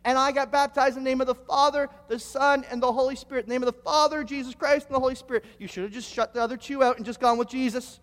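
A man's voice: extremely high pitch, fairly even intonation, quick pace, hardly any pauses, a bit bright, big-room sound. A male pastor preaching a sermon, telling stories with frequent stammered restarts.

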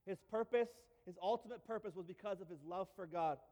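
A man's voice: sits high, brisk, mellow. A man preaching a sermon as a pastor, emphatic and repetitive with touches of light humor. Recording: long reverb of a large hall.

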